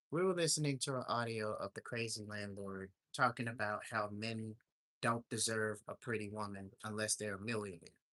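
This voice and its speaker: A man's voice: fairly low pitch, pushed and bright, no echo. A man hosting a casual livestream, telling a story in an indignant, ranting way. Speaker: livestream host. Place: home in Alaska.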